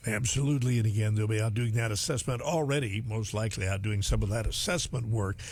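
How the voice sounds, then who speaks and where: A man co-hosting live storm coverage, giving updates in a measured, informative way. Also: on the low side, darkish tone, slight background noise. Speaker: broadcast co-host.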